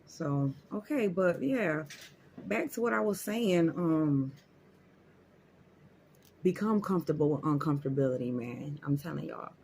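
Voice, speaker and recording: A man's voice: fairly high pitch, animated, measured pace, vocal fry, long pauses, darkish tone, slight background noise. A man giving an emphatic, repetitive motivational talk to his viewers, speaking. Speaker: motivational vlogger. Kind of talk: casual motivational talk to camera.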